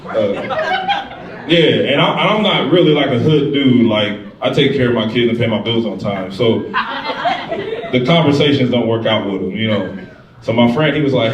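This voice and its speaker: A man doing a stand-up comedy set, telling stories in a profane, animated way. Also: medium pitch, moderate pace, long pauses. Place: comedy club stage. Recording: echoey club, distant mic, loud crowd. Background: crowd laughter.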